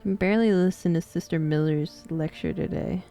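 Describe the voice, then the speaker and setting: A woman's voice: on the low side, normal speed, gravelly, mellow, faint music behind. A young woman casually commenting on a game she plays, laughing and swearing, and reading in-game letters aloud. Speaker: streamer playing a game.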